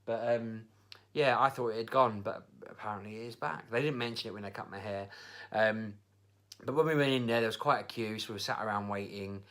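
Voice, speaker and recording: A man's voice: lowish voice, a little fast, fairly bright tone. A young man, a father, telling a story in a chatty, rambling way on his vlog. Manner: chatty, rambling with fillers and laughs. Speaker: vlogger, father. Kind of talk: casual storytelling.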